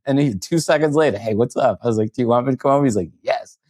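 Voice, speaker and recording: A man's voice: medium pitch, racing, dry recording. A man, a podcast guest, telling stories in casual chat and acting out the quoted lines. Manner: animated storyteller acting out quotes. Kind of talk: casual storytelling.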